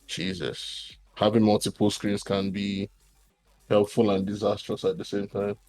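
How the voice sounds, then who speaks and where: A man's voice: on the low side, monotone, measured pace, darkish tone, soft background music. A young man with a Nigerian accent, learning to code from a friend live, casual and easily flustered. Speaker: coding student. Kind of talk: live-streamed coding lesson.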